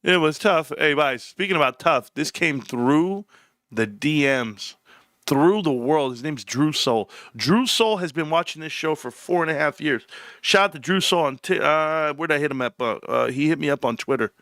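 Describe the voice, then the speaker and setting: A man chats excitedly on his live stream, in a bright voice that sits a little high. The sound is dry and close, with no room echo. He swears casually and talks in an animated, buzzing way. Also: normal speed. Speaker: livestream host. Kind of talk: casual livestream chat.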